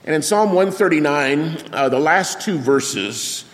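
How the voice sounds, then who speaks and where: An older man preaching a sermon, telling a lively anecdote with sound effects and acted-out quotes before turning to scripture. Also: a little high, measured pace. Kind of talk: storytelling sermon. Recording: long reverb of a large hall.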